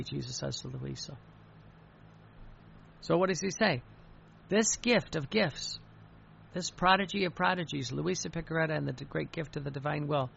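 A man preaching a sermon in an earnest way, often repeating words and quoting in a lowered voice. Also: moderate pace, gravelly, pauses often, a bit bright, lo-fi sound, slight background noise.

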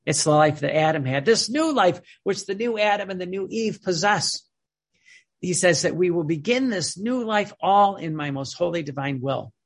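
A man preaching a sermon in an earnest, repetitive way, slowing down when he quotes. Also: high voice, lively intonation.

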